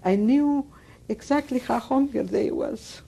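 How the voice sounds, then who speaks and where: A woman's voice: on the high side, measured pace, vocal fry, dark tone, slightly rough. A woman in her nineties with a Greek accent, speaking broken English in an emphatic, repetitive way as an interviewee. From Greece. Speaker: Holocaust survivor interviewee. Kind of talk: oral history interview.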